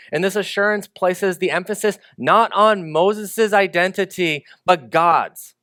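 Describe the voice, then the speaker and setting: A man's voice: high-pitched, measured pace, few pauses, sharp tone, dry recording, studio quality. A male pastor preaching a sermon in a conversational way, with joking asides.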